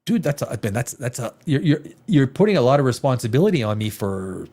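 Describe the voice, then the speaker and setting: Animated, rambling man ranting a review. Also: mid-range voice, fairly quick, few pauses. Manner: animated, restarts often, swears, mimics dialogue. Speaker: show host and screenwriter.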